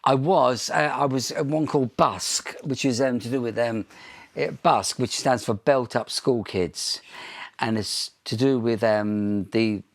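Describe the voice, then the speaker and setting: A man's voice: medium pitch, measured pace. A man from Ireland, a pop singer, chatting in an interview and telling long anecdotes with frequent ums and restarts. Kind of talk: casual interview storytelling.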